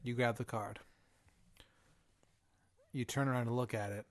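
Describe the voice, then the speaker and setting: Deadpan man narrating as game master. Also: medium pitch, unhurried, no room sound. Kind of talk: narrating an improvised comedy scenario.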